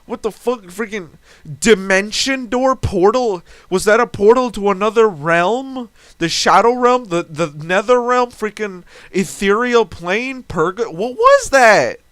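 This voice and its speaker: A young man with a high, smooth, resonant voice rants in exasperation about a tabletop game, swearing and restarting his sentences. He speaks slowly and deliberately, recorded dry and close at home. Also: lively intonation, a bit bright, no room sound. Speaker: storyteller recounting a tabletop game. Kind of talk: ranting storytelling monologue.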